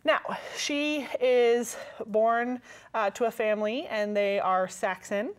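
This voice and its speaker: A woman's voice: on the high side, takes it slowly, clean tone. Chatty Canadian woman telling a story. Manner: lively, keeps checking in with listeners. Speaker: co-host. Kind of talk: casual storytelling chat.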